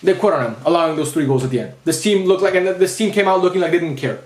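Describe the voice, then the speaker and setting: A man's voice: high voice, racing, echoey room. A young man ranting after a football match as a fan vlogger, frustrated and repetitive, swearing often. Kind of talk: post-match rant.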